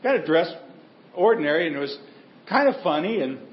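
A man's voice: on the high side, lively intonation, moderate pace, roomy sound, muffled recording. A male pastor preaching a sermon in a church, telling stories in a conversational, humorous way.

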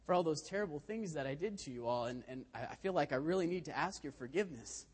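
A man's voice: on the high side, lively intonation, fast, breathy edge. A man doing a cheeky talking parrot. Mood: contrite. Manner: squawking mimicry, then meek apologetic speech. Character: cheeky talking parrot, squawky mimic turned polite. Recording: reverberant church hall.

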